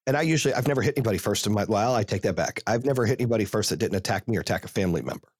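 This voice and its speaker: A man's voice: fairly low pitch, animated, rapid-fire, darkish tone, dry recording, studio quality. A man hosting a podcast and coaching youth football, telling stories in a blunt, fired-up, profane way. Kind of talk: casual podcast chat.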